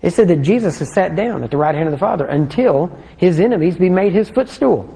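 A man delivering a sermon in a slightly raised, mellow voice. He talks in a conversational way and keeps asking his listeners questions. He slows down when he reads scripture aloud, and his words ring through a hall with long reverb. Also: sits high, expressive, gravelly. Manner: conversational, asks the congregation questions. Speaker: preacher.

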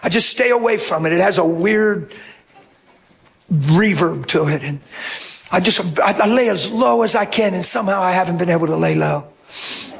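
A male pastor telling a story in a sermon, animated, dropping low and then rising to shouts. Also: normal speed, gravelly, long pauses.

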